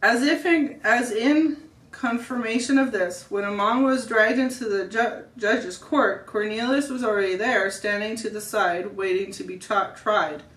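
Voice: medium pitch, measured pace, a bit bright, reverberant, recorded from a distance, poor audio. Family reader telling a story aloud. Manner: reads steadily with small slips and self-corrections.

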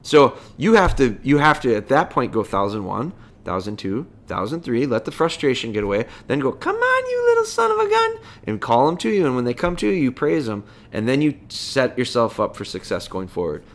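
A man's voice: medium pitch, lively intonation, brisk. A man hosting a podcast, giving casual dog training advice in a folksy way, full of rhetorical questions.

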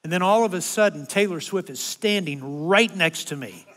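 Animated older man preaching in a reverberant hall. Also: high-pitched, moderate pace. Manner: animated, self-mocking storyteller who grows loud in comic rants. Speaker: guest speaker. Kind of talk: humorous sermon storytelling. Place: church sanctuary. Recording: long reverb of a large hall.

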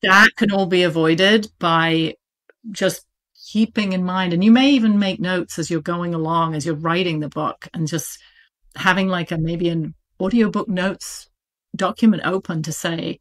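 A woman's voice: on the low side, moderate pace, a bit bright. A woman with a British accent, an audiobook publisher chatting as an interview guest, talking animatedly with plenty of fillers and laughs. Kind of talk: casual interview talk.

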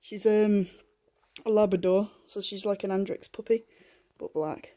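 Soft-spoken woman cooing to a puppy. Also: mid-range voice, fairly even intonation, a little slow. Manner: soft coaxing baby talk to a puppy, often half-whispered. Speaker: vlogger. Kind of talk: casual home vlog. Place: living room at home. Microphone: handheld camera.

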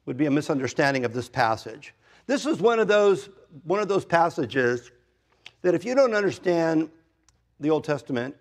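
A man in his fifties or older, a pastor giving an expository sermon in a conversational way, with self-deprecating asides and wide swings in pitch and loudness for emphasis. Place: church sanctuary.

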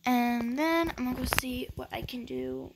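A chatty woman talks casually as she plays a game, rambling along with plenty of fillers. Her voice sits a little high with a gravelly edge. A steady hiss and clicking noise run under the noisy home recording. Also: moderate pace. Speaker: gaming vlogger. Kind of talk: casual chat over gameplay.

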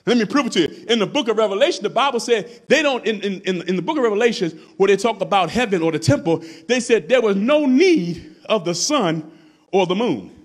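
A man preaching a sermon from the pulpit, his voice sitting high and leaping around in pitch. He repeats phrases for emphasis and pushes up into shouts as he builds. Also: expressive, fairly quick. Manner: preaching with rising shouts and repetition. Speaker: pastor.

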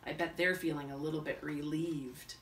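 A woman teacher reading a picture book aloud to a child in an animated way, stopping to ask the child questions. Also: sits low, moderate pace, reverberant, far from the mic, a little hiss or hum. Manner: animated, asks the listener questions.

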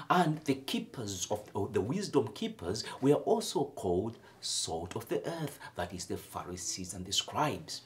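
A man from Africa preaching a homily, with sudden loud emphatic lifts and soft near-whispered drops. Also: lowish voice. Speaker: priest.

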